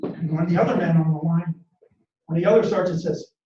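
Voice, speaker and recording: A man's voice: fairly high pitch, fast talker, background noise. Male motivational speaker, dramatic storyteller; dull lo-fi, roomy recording. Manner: dramatic, acts out quotes and shouts battle orders. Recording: echoey room, distant mic, dull lo-fi sound.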